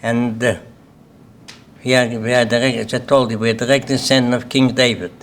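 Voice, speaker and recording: A man's voice: medium pitch, flat delivery, fairly quick. An older man from Lithuania with a Lithuanian accent, giving a plain-spoken personal testimony to an audience at a symposium and often checking in with "okay?". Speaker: Holocaust survivor speaker. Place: symposium hall.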